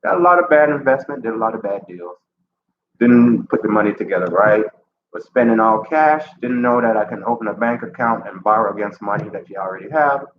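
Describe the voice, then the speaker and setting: Relaxed low-voiced man vlogging. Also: fairly quick. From Jamaica, raised in Chicago. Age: middle-aged. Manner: relaxed, rambling, repeats phrases. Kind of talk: casual personal vlog. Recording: echoey, dull, noisy ambience.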